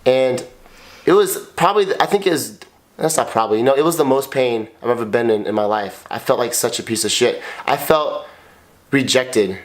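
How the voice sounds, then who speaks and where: A man with a voice of ordinary pitch tells his story on a couple's podcast. He is blunt and emotional, swears freely and circles back over his own words. He speaks in a raw, confessional way. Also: normal speed. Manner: emotional and blunt, swears often, repeats himself. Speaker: podcast co-host, husband.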